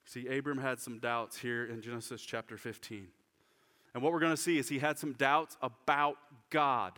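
A man preaching a sermon to his congregation, shifting from lively urgency to hushed, slow prayer. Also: a little high. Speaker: pastor. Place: church sanctuary. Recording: church hall reverb.

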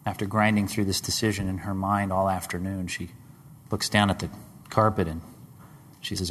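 A man preaching a sermon, dramatic, rising to loud high questions and dropping to hushed low tones. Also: level tone, moderate pace, a little hiss or hum. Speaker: pastor. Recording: long hall reverb.

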